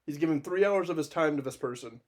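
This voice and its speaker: A man spins a rambling story on a casual podcast, swearing freely and breaking into laughter as he goes. His voice sits a little on the high side for a man. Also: fast. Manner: animated, profane anecdote-telling with laughs. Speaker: podcast co-host.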